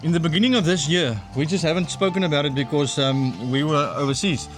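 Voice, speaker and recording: Enthusiastic South African man, bit high-pitched, casual vlog chat over faint music. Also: fast. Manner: chatty, enthusiastic, with hesitant repeats. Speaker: vlogger. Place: outdoors at a mountain cabin.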